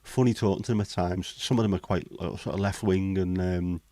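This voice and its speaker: Male host, very low voice, dry close sound, sweary cynical banter. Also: steady tone, fairly quick, mellow, no echo. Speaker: livestream host. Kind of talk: casual chat.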